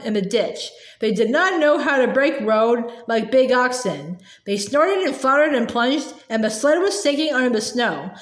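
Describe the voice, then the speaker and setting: A woman reading a children's novel aloud in a gentle storytelling manner, with small slips and restarts. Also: sits high. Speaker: audiobook reader. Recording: echoey room.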